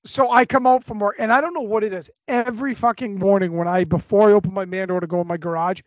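Guy with a high voice ranting a story, swears constantly, dry dull mic. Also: quick pace, no room sound. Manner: animated, profane storytelling. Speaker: podcast co-host. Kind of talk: casual storytelling.

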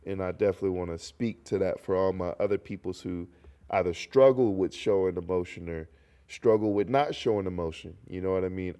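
A low-pitched, clear and resonant voice belongs to a young man from North Carolina hosting a solo podcast. He sounds congested, and his casual monologue rambles along with animated, jokey digressions.

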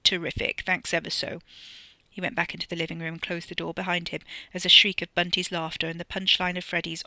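An author reading their own novella aloud in brisk, wry audiobook narration. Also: medium pitch, creaky, sharp tone, no room sound.

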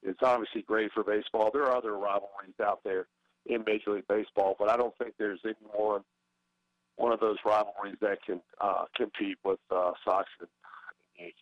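A man's voice: on the low side, steady tone, brisk, no room sound, dull audio. A middle-aged man, a former baseball player, talking as a guest in a casual interview, hesitant with many fillers and restarts.

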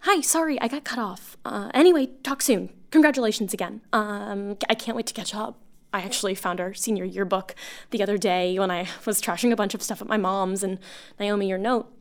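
An actress playing a lonely woman bartender who leaves long, halting voicemails for an old school friend, rambling and self-conscious. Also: mid-range voice, natural voice. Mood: eager. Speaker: voice actor. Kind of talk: audio drama monologue.

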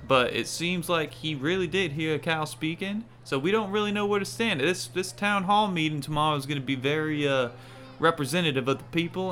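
A man's voice: a little high, fairly bright tone, natural voice. A man voicing a folksy small-town male townsperson who stammers and hesitates, playing a tabletop game.

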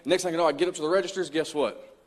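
A man's voice: on the high side, fairly even intonation, very fast. A man preaching a mini sermon in a church, telling a personal story in an earnest, conversational way. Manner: conversational, earnest, acts out his own past words. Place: church sanctuary. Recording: long church hall reverb.

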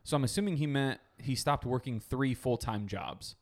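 A man's voice: medium pitch, normal speed, a little mellow. Young male podcast co-host, casual storyteller, easy laughs and loose swearing. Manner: laughing storyteller, acts out quotes, swears freely. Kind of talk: casual chat.

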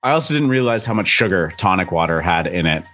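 A fairly low-pitched man chats in an easygoing way as a co-host, a bit tipsy. Soft music plays faintly underneath. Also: lively intonation, fast. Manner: easygoing and chatty. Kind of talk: casual live-stream chat.

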